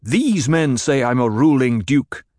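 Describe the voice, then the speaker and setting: A man's voice: mid-range voice, animated, measured pace, no echo, studio quality, voice pushed up, lightly acted. A man reading an audiobook voices a commanding young male duke who barks stern orders. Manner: barks orders, rising to shouts. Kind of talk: audiobook character voice.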